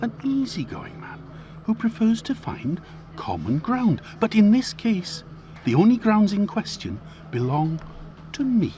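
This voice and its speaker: A man voicing a pompous, menacing upper-class English gentleman with a plummy, sneering voice, dropping into hissing whispers. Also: high-pitched, very animated, unhurried, highs cut off, voice pushed up. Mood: threatening. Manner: swings from bluster to hissing whispers.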